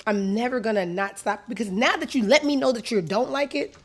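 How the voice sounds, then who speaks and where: A woman hosting her own show in a crude, sassy comedic monologue that swings from low mutters to loud outbursts. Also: a little fast. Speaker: show host.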